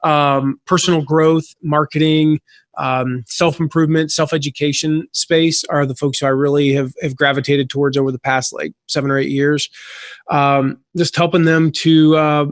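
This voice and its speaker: A man around forty, a podcast guest, telling stories in a casual, animated way, with plenty of fillers and restarts. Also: a little high, normal speed, dry recording, clean studio sound. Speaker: podcast guest, affiliate marketing consultant. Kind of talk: casual conversational storytelling.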